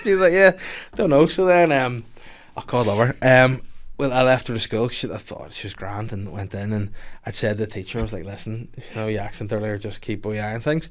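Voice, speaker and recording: A man hosting a podcast, trading crude anecdotes in loose, casual chat. He laughs often while he tells stories, in a mid-pitched voice. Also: fairly quick. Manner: bawdy storytelling, laughing often. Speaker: podcast host.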